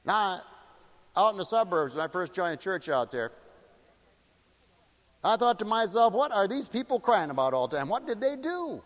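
A man preaching a sermon in an animated, mocking way, slipping into shrill wailing impressions. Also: normal speed, pauses often, big-room sound.

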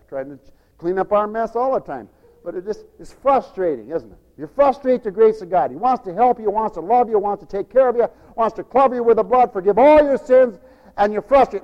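A man preaching a radio sermon, animated, acting out the whining voices of children as he goes. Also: sits high, moderate pace, big-room sound, muffled recording.

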